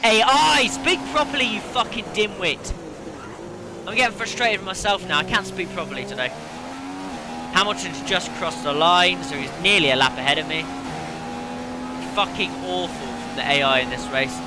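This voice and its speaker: A man's voice: a little high, moderate pace. Sweary man ranting over engine noise. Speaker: gaming channel host. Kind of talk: racing game commentary. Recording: game engine noise behind voice. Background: racing car engine noise.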